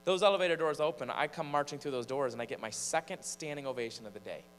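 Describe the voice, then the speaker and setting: A man's voice: fairly high pitch, fast. Man telling a story in a reverberant church. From Michigan. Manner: animated storyteller, building suspense. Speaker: preacher and singer. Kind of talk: storytelling from the pulpit. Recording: long church reverb, faint mains hum.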